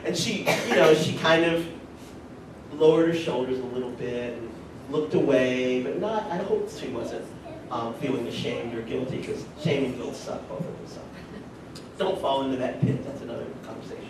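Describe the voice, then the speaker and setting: Man telling stories in an echoey hall. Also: moderate pace. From rural North Carolina. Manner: animated, warm asides to the audience. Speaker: conference speaker. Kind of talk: personal storytelling speech. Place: conference hall. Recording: echoey hall from far off, faint rumble.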